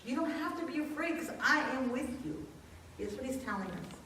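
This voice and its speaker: A woman pastor delivers a casual, conversational sermon, weaving personal stories into her message. Her voice sits a little high. She is recorded from a distance in a strongly echoing church with faint hiss beneath. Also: expressive, fairly quick, fairly bright tone. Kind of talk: informal sermon. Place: church sanctuary. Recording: echoey room, distant mic.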